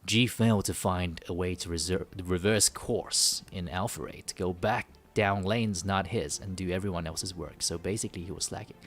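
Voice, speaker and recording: A man's voice: low-pitched, moderate pace, hardly any pauses. A man from the UK hosting a live game stream, rambling and joking with many restarts and fillers. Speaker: gaming livestream host. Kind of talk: casual live stream chat.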